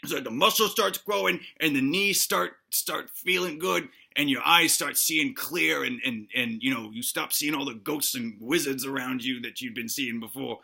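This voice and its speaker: A man's voice: mid-range voice, normal speed, vocal fry, hardly any pauses, pushed and bright, slightly rough, heavily acted. A man playing a dim-witted, boastful cop who gives absurd fitness tips in a rambling, stammering comedic monologue. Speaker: comedy sketch performer.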